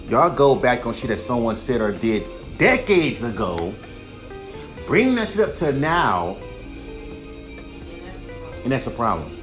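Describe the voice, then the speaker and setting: A man's voice: mid-range voice, fairly bright tone. A young man hosting a solo podcast, ranting heatedly and profanely, sometimes mocking the people he criticizes in put-on voices. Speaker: podcast host.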